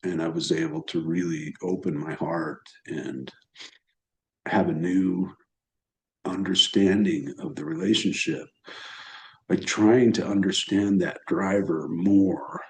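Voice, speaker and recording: Brief: lower-voiced male host, slow and halting, choked up, roomy echo. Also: gravelly, a little hiss or hum. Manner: halting, emotional, pauses and restarts. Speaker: astrology channel host. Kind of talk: personal storytelling.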